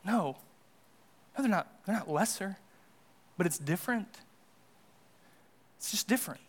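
A man's voice: high-pitched, lively intonation, a little slow, breathy edge. A young American man preaching a sermon as pastor, casual and conversational with fillers and restarts. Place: church sanctuary.

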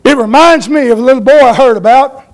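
A man's voice: extremely high pitch, quick pace. A man preaching a sermon in a folksy way, telling stories and asking his congregation for an amen.

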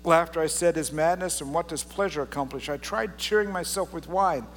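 A pastor preaching a casual, joking sermon and reading scripture aloud with drama. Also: male voice, fairly high pitch, a little fast, long reverb tail, a little hiss or hum. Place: church sanctuary.

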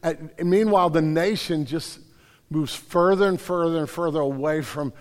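A man preaching a sermon, reading scripture aloud and then retelling it in a conversational, animated way. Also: a little high, moderate pace. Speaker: pastor. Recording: hall reverb.

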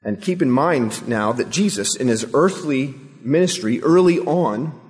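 A man's voice: mid-range voice, lively intonation, a little slow, darkish tone. A male pastor preaching a sermon, emphatic and full of rhetorical questions. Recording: long hall reverb.

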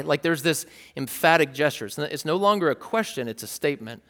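Male pastor with a slightly high voice, conversational teaching tone, long hall reverb. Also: animated, brisk, a bit bright. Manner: conversational and explanatory, frequent "like" and restarts. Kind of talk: sermon.

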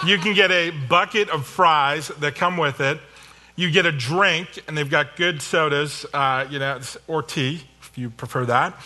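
A man's voice: on the high side, sharp tone. A middle-aged man giving a sermon, conversational and self-deprecating, with storytelling asides. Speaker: pastor.

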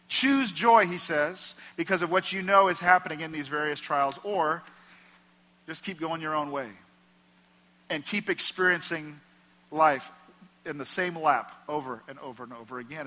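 Bright-voiced man preaching in an echoing hall. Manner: impassioned preaching, dropping low for quoted voices. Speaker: pastor. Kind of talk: sermon. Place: church sanctuary. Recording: echoey hall reverb.

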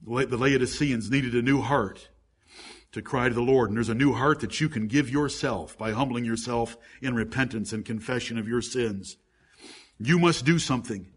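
A middle-aged man preaching a sermon, pressing his listeners with fervent pleading that builds to loud climaxes. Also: medium pitch, normal speed, husky. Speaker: pastor.

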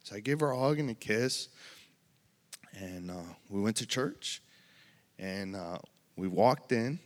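A man with a lowish voice tells his personal story in church, earnest and emotional, halting now and then. His voice rings with a long reverb in a large hall. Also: animated. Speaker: church member giving testimony. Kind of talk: personal testimony.

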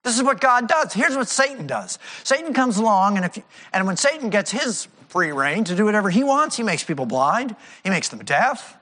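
A male pastor preaches with a high, bright, ringing voice that swings widely in pitch. He is animated and slips into the voices of the people he quotes. The sound carries the long reverb of a church hall. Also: fairly quick. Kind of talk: sermon.

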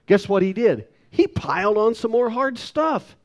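A man in his sixties preaching a sermon, his fairly high voice swooping animatedly up and down. He leans hard on key words and pokes fun at himself as he goes. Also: animated, a little slow, hardly any pauses, a little mellow. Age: 60s. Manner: emphatic preaching with wide pitch swings, self-deprecating asides. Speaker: pastor.

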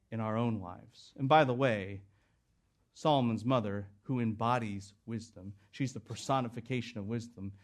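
A middle-aged man preaching an expository sermon, earnest and emphatic, building his points through repeated phrases. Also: mid-range voice.

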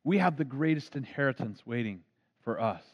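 A man's voice: medium pitch, expressive, normal speed, husky. A man, a pastor, preaching an earnest storytelling sermon. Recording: dull lo-fi recording.

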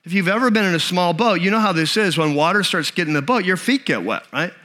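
A man preaching a sermon, telling a story in an animated, conversational way with frequent restarts. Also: high-pitched, fast. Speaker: pastor.

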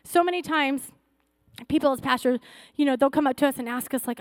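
A woman's voice: high-pitched, fairly quick, no room sound, studio quality. A woman pastor preaching a fervent sermon, exhorting her church with rising, repeated calls.

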